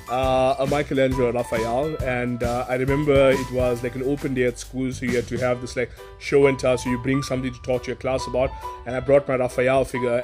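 A man in his thirties, chatting outdoors in a yard as he unboxes toys. His voice sits at a middling pitch, and he gushes with excitement, repeating words and laughing often. Faint music plays underneath. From South Africa. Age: 30s. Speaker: toy reviewer. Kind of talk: casual unboxing vlog.

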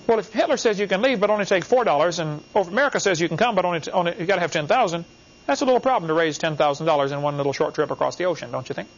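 A man's voice: high voice, rapid-fire. A man giving a classroom lecture, emphatic, talking in short repeated phrases and asking the class questions. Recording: dull, lo-fi class recording.

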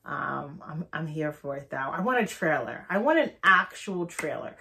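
A hoarse young woman who is a little sick, hosting a casual movie trailer reaction in an excitable, rambling way with many fillers. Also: low voice, moderate pace.

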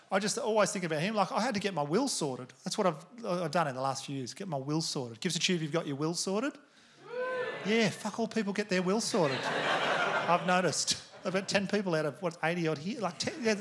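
Swearing his way through rambling stories, a thirty-something Australian man does stand-up on a theatre stage for a live audience. His voice sits on the high side, and a little hiss or hum can be heard.

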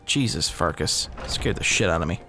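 Game sounds and music play under a man's low, expressive voice, which has a sharp tone and moves at normal speed. He's a gaming video host giving loose, casual let's-play commentary, poking fun at himself and swearing often.

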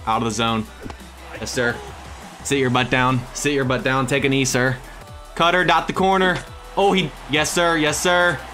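A young man talks over his own game in a bright, forceful voice, jumping from loud hype to low muttering. He sounds close to a desk mic at home. Soft background music plays beneath him. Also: moderate pace. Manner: excitable, swings between hype shouts and muttered asides. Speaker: gaming YouTuber. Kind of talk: excited live gameplay commentary.

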